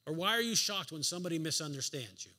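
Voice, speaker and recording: Quick and expressive, the man's sharp, high-leaning voice carries his sermon through a church sanctuary. He leans on emphatic rhetorical questions and the occasional dry bit of sarcasm.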